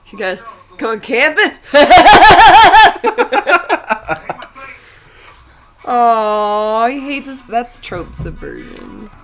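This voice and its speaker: A woman's voice: high-pitched, animated, drawn-out words, pauses often, a bit bright. A young woman co-hosting a movie watch stream, chatting casually and laughing often. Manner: giggly, playful, laughs often. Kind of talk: casual chat over a movie.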